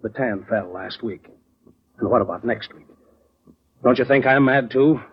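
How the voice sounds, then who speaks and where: An actor playing a stern, sarcastic older insurance boss in 1940s radio-drama style, with a husky voice, on a lo-fi old broadcast. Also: male voice, medium pitch, unhurried. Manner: cutting, sarcastic, lecturing.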